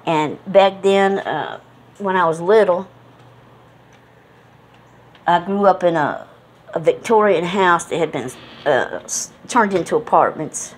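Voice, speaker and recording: A woman's voice: lowish voice, expressive, takes it slowly, pauses often, husky. A middle-aged woman from New England with an accent mixing Southern and Northern American, rambling in a folksy, casual way with many fillers. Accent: mixed Southern and New England American. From New England, United States. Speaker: vlogger. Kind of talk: casual reminiscing monologue.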